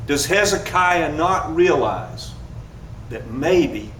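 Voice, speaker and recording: A man's voice: fairly high pitch, slow pace, slight background noise. Man preaching in an echoey room. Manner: storytelling, animated, laughs at himself. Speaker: pastor. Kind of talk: sermon. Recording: echoey room, mic at a distance.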